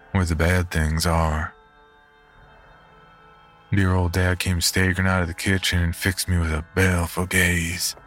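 A man narrating a horror story in a measured, grim manner. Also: sits low. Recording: narration over background music.

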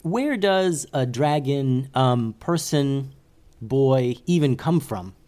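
A curious young ninja in a bedtime story, as a man puts him on. He asks questions in a slow, hesitant way, groping for words. The voice sits near the reader's own. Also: mid-range voice, animated, warm tone.

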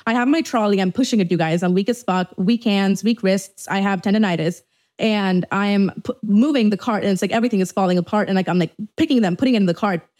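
Rapid-fire young woman, raw and candid. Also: mid-range voice, darkish tone. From Dubai. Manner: rapid, frank and profane, full of restarts and "like". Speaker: podcast host. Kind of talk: candid confessional monologue.

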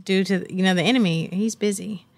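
Earnest woman with a gravelly edge. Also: mid-range voice, fairly even intonation, brisk, a little mellow, dry recording. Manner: earnest and reflective, speaks with faith and conviction. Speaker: interview guest. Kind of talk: candid conversational interview.

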